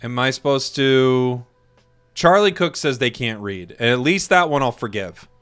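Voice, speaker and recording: A man's voice: mid-range voice, expressive, fairly bright tone, smooth. Man, esports caster on a break, fake-angry banter with chat, stumbles over his words; faint music behind. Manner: mock-outraged joking, riffing on chat messages; stammering restarts, quick laughs. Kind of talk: playful live-stream chat during a break.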